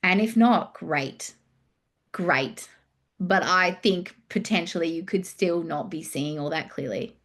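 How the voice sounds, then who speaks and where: A woman's voice: on the low side, slow pace, fairly bright tone. A woman hosting a casual solo podcast on relationships, talking loosely, swearing freely and acting out listeners' inner thoughts. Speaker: podcast host and relationship coach.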